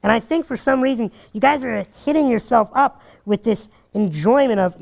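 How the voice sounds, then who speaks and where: A man giving dating advice through energetic, animated stories, acting out what people said and laughing often. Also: very high voice, moderate pace, creaky. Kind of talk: animated storytelling talk.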